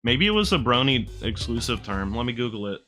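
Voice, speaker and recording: A man's voice: medium pitch, sing-song, fairly quick, bright, forceful tone, faint music behind. A man casually commenting while playing a video game, rambling, joking and swearing as he answers his chat. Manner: rambling, profane, jokey, talks to chat. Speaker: gaming streamer. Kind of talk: casual let's-play commentary.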